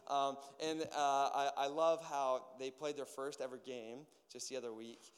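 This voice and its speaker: A man preaching a casual sermon as pastor, an animated storyteller with many fillers and acted-out voices. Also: mid-range voice, measured pace. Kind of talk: casual sermon with personal stories. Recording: long hall reverb.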